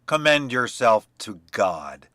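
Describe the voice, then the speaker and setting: A man's voice: medium pitch, big pitch swings, slow pace, bright, forceful tone, dry recording, studio quality, heavily acted. A man voicing a cruel, menacing nobleman who threatens his wife in cold, commanding tones. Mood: bellowing.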